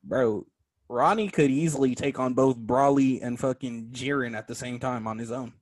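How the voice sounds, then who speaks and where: A man's voice: mid-range voice, normal speed. A man co-hosting a podcast, talking casually in slang with many fillers and frequent laughter. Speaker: podcast co-host.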